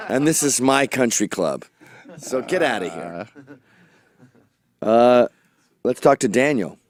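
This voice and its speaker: A man's voice: mid-range voice, animated, takes it slowly. Brash, profane man hosting a show. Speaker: podcast host. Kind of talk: crude comedic chat.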